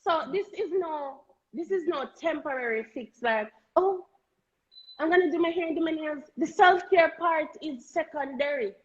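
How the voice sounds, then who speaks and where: A Jamaican woman with a notably high voice talks in an earnest, emphatic way, circling back and repeating words as she pushes her point. The sound is dull and lo-fi. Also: normal speed. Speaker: guest. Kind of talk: candid conversational talk.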